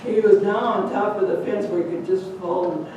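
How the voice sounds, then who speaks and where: An older woman telling a folk tale aloud to an audience, animated and chatty, slipping in Spanish words. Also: medium pitch, moderate pace, dull audio. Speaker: storyteller. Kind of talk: lively live storytelling. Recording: echoey hall, distant mic, noisy.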